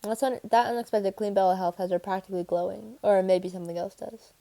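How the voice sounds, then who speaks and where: A woman reading a first-person young adult novel aloud, steady and clear, with the odd restart. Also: mid-range voice, quick pace. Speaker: audiobook reader. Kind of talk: first-person audiobook narration.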